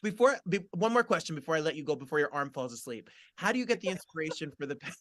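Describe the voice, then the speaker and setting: Effusive gushing talk show host. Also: male voice, a little high, sing-song, racing, a bit bright, a little hiss or hum. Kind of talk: casual chat.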